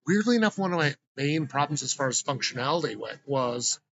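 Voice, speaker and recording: A man's voice: fairly high pitch, fairly quick, gravelly. Swearing man telling travel stories. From Montana, US. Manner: animated storyteller, swears freely, acts out quotes. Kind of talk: casual chat. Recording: dull lo-fi recording.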